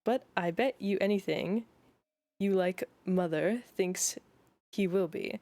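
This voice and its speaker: A woman's voice: mid-range voice, slow, dark tone, no room sound. A woman voicing a frank young woman journalist in a storybook, with a put-on Australian accent and a chatty, exasperated manner.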